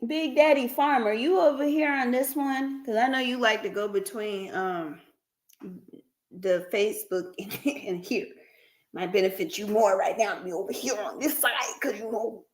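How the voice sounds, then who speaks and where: A woman's voice: a little high, moderate pace. A woman hosting a counseling practice's livestream, chatting casually with viewers, laughing often and calling them by name.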